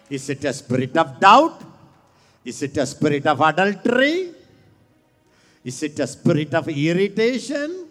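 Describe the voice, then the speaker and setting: A man preaching a sermon, fervent and repetitive, rising at times to shouts. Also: sits high. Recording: long hall reverb.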